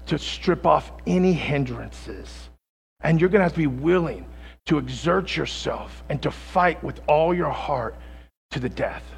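A man preaching a sermon as pastor, swinging from quiet low passages to loud, near-shouting stories, in a church sanctuary. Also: vocal fry, breathy edge. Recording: long reverb from a large hall.

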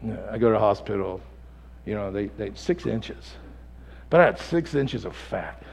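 A man preaching a sermon as a pastor, telling stories with lively acted quotes and laughter. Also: on the low side, normal speed, gravelly, long reverb tail.

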